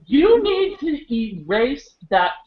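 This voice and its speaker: A man's voice: extremely high pitch, slow, phone-quality sound. A man from Iowa co-hosting a casual wrestling chat, rambling and swearing freely as he goes off topic. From Iowa, USA. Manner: rambling, profane, excitable. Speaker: wrestling show co-host.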